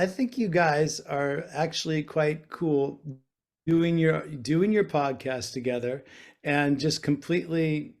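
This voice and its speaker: A man's voice: fairly high pitch, vocal fry. Easygoing rambling man on a video call. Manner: rambling, easygoing, many fillers and restarts. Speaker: guest guitarist. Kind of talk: casual chat over a video call. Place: small bedroom.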